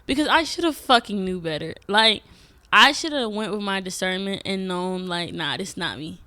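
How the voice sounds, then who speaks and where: A young woman speaks straight to camera in a candid, reflective vlog. Her voice is bright and forward, and her talk is loose and profane, with sudden loud, emphatic bursts. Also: mid-range voice, normal speed. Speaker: vlogger. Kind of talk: casual reflective monologue. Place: Atlanta.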